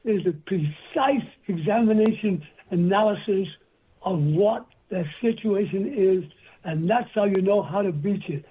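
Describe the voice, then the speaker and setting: Recorded on a phone line, this older man from England is an interview guest who tells long, wandering anecdotes. He speaks unhurriedly in a high voice with a slightly rough edge.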